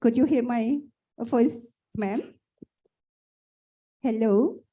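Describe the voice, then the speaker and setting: A woman's voice: a little high, very slow, mellow, rough recording. A woman, moderating an academic conference in a polite, formal way with many fillers. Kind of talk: hosting an online academic conference.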